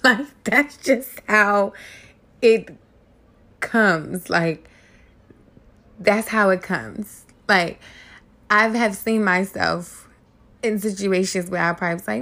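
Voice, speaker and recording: A woman's voice: medium pitch, measured pace, a bit bright. A woman hosting a casual celebrity gossip commentary, candid and profane, often laughing, with features. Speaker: host.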